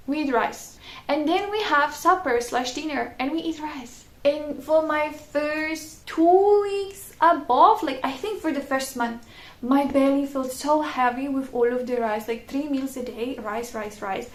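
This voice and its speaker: Brief: young woman vlogger, high gravelly voice, chatty storyteller, echoey room. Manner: chatty, laughing often, frequent "like" fillers. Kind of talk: casual storytelling.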